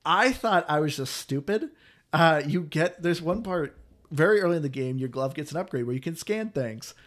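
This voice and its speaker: A man's voice: on the high side, animated, moderate pace, a bit bright. A man hosting a casual chat, talking in a chatty, complaining way. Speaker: podcast host.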